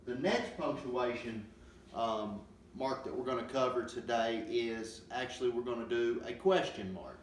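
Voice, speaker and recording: Male teacher, patient, halting delivery full of ums, far from the mic in a roomy space with faint hiss. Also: mid-range voice. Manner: slow, patient explaining with many ums. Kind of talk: classroom grammar lesson.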